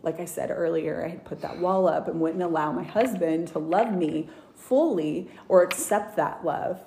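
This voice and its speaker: Woman guest, lowish voice, earnest halting storyteller, recorded with roomy echo. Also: gravelly, warm tone, a little hiss or hum. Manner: earnest, many fillers and restarts, gets emotional. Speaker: guest sharing testimony. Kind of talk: casual storytelling.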